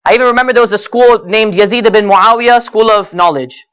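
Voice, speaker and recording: A man giving a religious lecture at an Islamic center, telling stories earnestly and slowing down to stretch key words, rising in pitch and force when he argues his point. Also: fairly bright tone, clear, resonant tone. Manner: rises in pitch and intensity when arguing; addresses audience as brothers and sisters.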